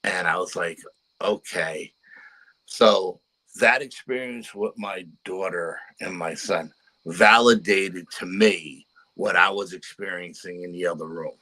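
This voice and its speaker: A man's voice: deep voice, unhurried, pushed and bright, poor audio. An older man telling a personal paranormal story in an earnest, conversational way. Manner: earnest storytelling with repeated "you know". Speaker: paranormal investigator guest. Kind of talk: storytelling interview.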